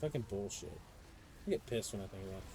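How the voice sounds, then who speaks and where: A young adult man streaming a game, chatting casually and ranting in profane, animated stories. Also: fairly low pitch, fast talker, background noise. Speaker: live streamer. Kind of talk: casual chat while gaming.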